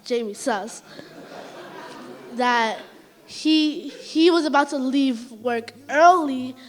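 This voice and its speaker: Halting young woman, slow and high. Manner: hesitant, halting, with restarts. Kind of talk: wedding speech.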